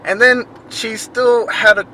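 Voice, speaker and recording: A man vlogger casually telling a story, animated and acting out the dialogue he quotes. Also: very high-pitched, measured pace, a little hiss or hum.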